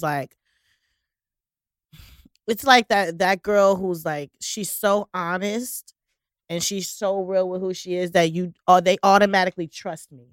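A young woman with a lowish voice chats on a podcast, frank and emphatic. She tells stories and acts out her own lines. The recording is close and dry. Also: clean tone, no echo. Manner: frank, emphatic storyteller who quotes herself. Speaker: podcast co-host. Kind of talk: casual chat.

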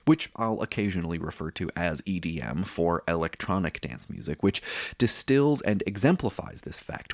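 A man's voice: deep voice, no echo. A man in his thirties hosting a podcast, reading a scripted essay with dry, wry asides and digressive anecdotes. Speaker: podcast host.

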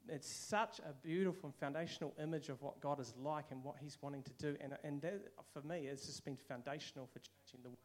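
A man's voice: on the high side, a little fast, few pauses. A man with a New Zealand accent giving a casual, conversational sermon, now and then acting out quoted voices. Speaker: preacher.

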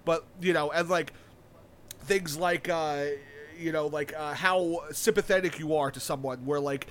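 A young man with a somewhat high-pitched voice talks in a loose, rambling way. He piles on "like" and starts sentences over and over. He swears casually and stays eager throughout. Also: fairly even intonation, a little slow, a bit bright. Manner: rambling, filler-heavy, with frequent restarts and casual swearing; enthusiastic about a video game. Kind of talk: casual chat.

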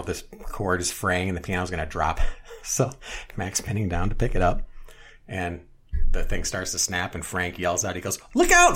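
A man chatting casually on a podcast, retelling a sitcom episode at length with restarts and loud acted-out quotes. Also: low voice. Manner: rambling storyteller, many restarts, acts out quotes loudly. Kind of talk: casual chat.

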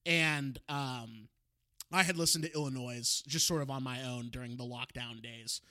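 A man's voice: mid-range voice, steady tone, moderate pace, sharp tone, no room sound, studio quality. A young man co-hosting a podcast, chatting casually, joking and laughing as he rambles. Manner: jokey, laughs often, rambling. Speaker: podcast co-host.

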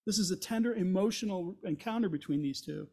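A man's voice: sits high, brisk, a little mellow. A man teaching through a Bible chapter as a pastor, retelling the story and paraphrasing the characters' words in everyday speech.

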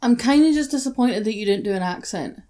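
A woman's voice: fairly high pitch, lively intonation, quick pace, warm tone, soft background music. Playful female podcast co-host. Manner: playful, competitive banter. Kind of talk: casual chat.

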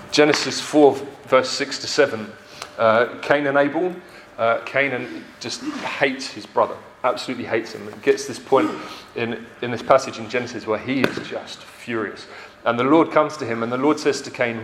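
A man's voice: medium pitch, normal speed, background noise. A man preaching a sermon, earnest and emphatic, repeating phrases for effect. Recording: roomy echo.

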